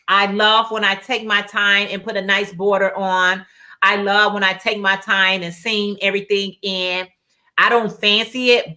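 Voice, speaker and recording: A woman's voice: medium pitch, sharp tone. A woman hosting a casual craft livestream, chatting and reading out viewer comments with frequent laughs and repeated phrases. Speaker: livestream host.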